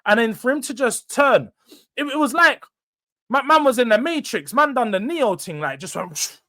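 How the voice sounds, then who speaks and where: A young man hosts a fan reaction show, speaking in a fairly high voice. He rants with frustration, building into sudden loud outbursts before dropping back down. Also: animated, normal speed. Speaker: host. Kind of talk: fan match reaction monologue.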